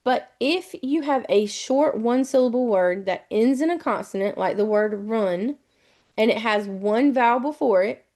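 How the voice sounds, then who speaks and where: A woman's voice: on the high side, moderate pace, dark tone. A middle-aged woman teaching a live online lesson on spelling rules, explaining patiently and spelling words out letter by letter.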